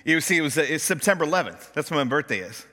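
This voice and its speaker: Man, pastor, storytelling sermon, high voice, long hall reverb. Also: big pitch swings, racing, sharp tone. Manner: storytelling, acts out voices in quotes. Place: church sanctuary.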